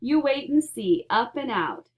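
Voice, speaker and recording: Woman reader voicing an eccentric, cheery man; bright, emphatic delivery. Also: fairly high pitch, big pitch swings. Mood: excited. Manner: brisk, bubbly, emphatic. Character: cheerful, eccentric male candy maker.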